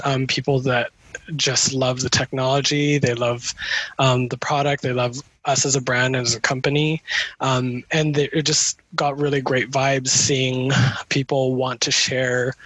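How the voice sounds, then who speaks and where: A man with a somewhat husky, middle-pitched voice recounts his work in a relaxed, meandering way. He fills gaps with "um" and restarts his sentences often. The sound is close and dry, with no room around it. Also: no echo, low-quality recording. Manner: rambling, many fillers and restarts. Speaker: interview guest, community manager. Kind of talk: casual conversational storytelling.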